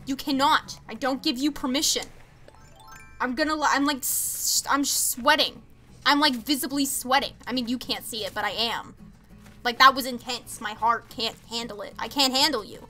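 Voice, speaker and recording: A young woman streaming a video game, chatting casually, gushing and stammering with excitement as she thanks viewers. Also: sits high. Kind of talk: casual live-stream chat.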